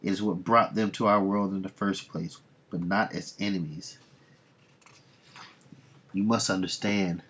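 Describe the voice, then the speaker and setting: A man's voice: deep voice, fairly even intonation, unhurried, long pauses, a bit bright, slightly rough, exaggerated voice. A man voicing a grave, ancient male sea god, reading solemn archaic lines from a comic.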